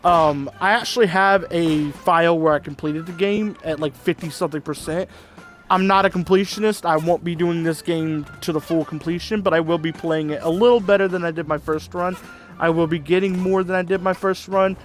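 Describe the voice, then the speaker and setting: A chatty man talks through a video game in loose, rambling commentary, often laughing along. His voice sits a little high. Quiet game music runs beneath him. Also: steady tone, brisk. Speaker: gaming channel host. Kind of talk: casual let's-play commentary. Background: faint game music.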